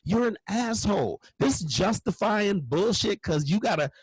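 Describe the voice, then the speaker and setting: A middle-aged male stand-up comedian rants in a husky, fairly high voice. His pitch jumps all over as he swears his way through each point. The sound is dry and close. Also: measured pace, no echo, low-quality recording. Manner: profane, animated, ranting with frequent curse words.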